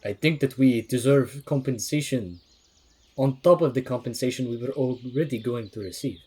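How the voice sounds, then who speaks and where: A man's voice: medium pitch, normal speed, darkish tone, breathy edge. A man playing a tabletop game, dry and formal when in character. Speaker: player.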